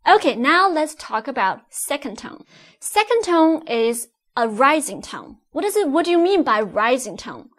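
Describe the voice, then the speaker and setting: A woman's voice: high-pitched, sing-song, normal speed, fairly bright tone. A woman teaching Mandarin tones, explaining patiently step by step and modelling each sound. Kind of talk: online language lesson.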